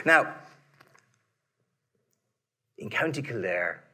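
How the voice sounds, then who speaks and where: A man with an Irish accent telling a folk tale to a live audience in a playful, theatrical way, dropping to whispers and rising to shouts. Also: medium pitch, animated, takes it slowly, creaky, pauses often. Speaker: storyteller. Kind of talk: animated storytelling to a live audience.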